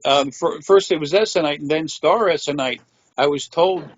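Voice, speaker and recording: A man being interviewed tells a meandering personal story matter-of-factly, swearing often. His voice is high-pitched and expressive at normal speed, and the recording is muffled with no echo.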